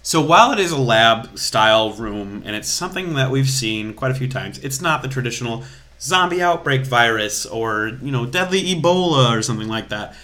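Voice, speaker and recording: On a casual podcast, a young male co-host talks in an animated, forceful, bright voice at a moderate pace, his pitch ordinary and mid-range. His chatty explanations run long, with little restarts here and there.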